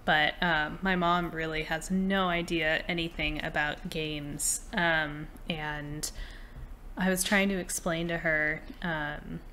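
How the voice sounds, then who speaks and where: A young woman co-hosting a gaming podcast in casual chat, speaking in a measured, reflective way with soft fillers. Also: low voice, flat delivery, a little hiss or hum. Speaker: podcast co-host.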